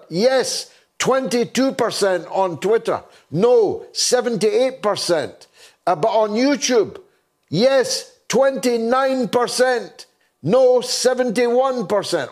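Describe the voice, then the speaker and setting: An older man hosting a talk show, delivering a wry, sardonic opinion monologue. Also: sits high.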